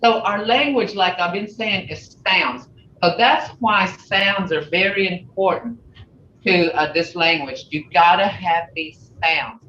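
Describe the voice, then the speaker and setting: A woman teaching a language class over a video call, slowly repeating sounds for learners to copy. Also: lowish voice, fairly bright tone, slight background noise. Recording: dull roomy video-call audio.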